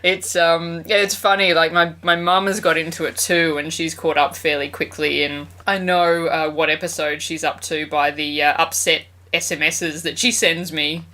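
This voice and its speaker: A woman's voice: deep voice, flat delivery, normal speed, few pauses, sharp tone. A woman co-hosting a casual podcast chat, chatty, laughing often and swearing freely. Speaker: podcast co-host.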